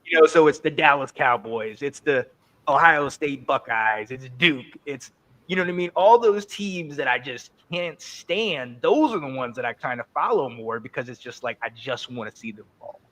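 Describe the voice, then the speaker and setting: A man in his forties from North Carolina, co-hosting a podcast, telling animated sports stories in a casual chat with frequent repeated words. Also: medium pitch, normal speed. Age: 40s. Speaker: podcast co-host.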